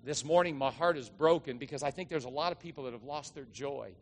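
A middle-aged male pastor preaching a sermon, telling stories and acting out the voices with drawn-out dramatic lines. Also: mid-range voice. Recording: long hall reverb.

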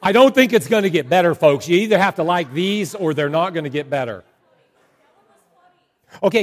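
Male pastor, high voice, playful joking sermon delivery. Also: normal speed, long pauses. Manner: joking, animated storytelling to a congregation.

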